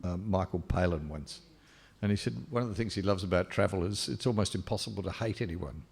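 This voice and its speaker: A man's voice: low voice, a little fast, vocal fry, darkish tone, slightly rough. A man hosting a panel at a public talk, thoughtful and hesitant, with many restarts. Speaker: panel host. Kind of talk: panel discussion.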